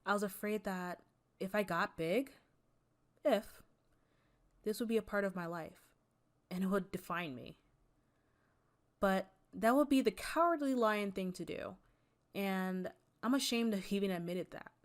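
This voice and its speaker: A woman's voice: medium pitch, measured pace, long pauses. A young woman YouTuber, an artist, talking earnestly and candidly in a personal vlog, with a voice she herself calls Valley Girl. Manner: earnest and candid, mixing serious and playful.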